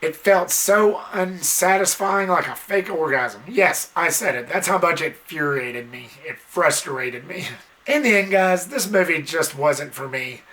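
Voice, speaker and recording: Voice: animated, measured pace, pushed and bright. Ranting movie reviewer, exasperated. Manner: exasperated, ranting, blunt with mild swearing; mimics characters in sudden high squeals. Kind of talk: casual spoken film review.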